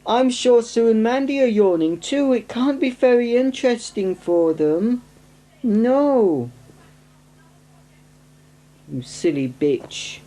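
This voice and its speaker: A man's voice: very high voice, animated, a little slow, warm tone. A young man with a northern English accent, chatting and rambling cheerfully on a home video about his collection, self-mocking and full of asides. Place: at home, indoors. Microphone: camcorder microphone on a tripod. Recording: 1990s camcorder home video.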